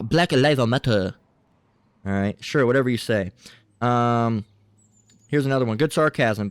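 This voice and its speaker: Guy ranting, reading stuff out, swears a lot, keeps going "all right?", mid-pitch, dead dry sound. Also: no echo. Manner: combative, repeats himself, keeps asking "all right?"; swears freely. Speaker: online commentator reading comments and scripture. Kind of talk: heated commentary and bible reading.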